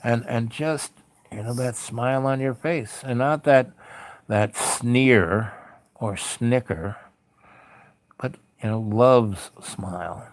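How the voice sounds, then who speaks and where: A man's voice: mid-range voice, slow pace, no room sound. A man hosting a late-night spiritual livestream, talking in a loose, meandering, heartfelt way with many fillers. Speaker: livestream host. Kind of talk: rambling spiritual livestream talk.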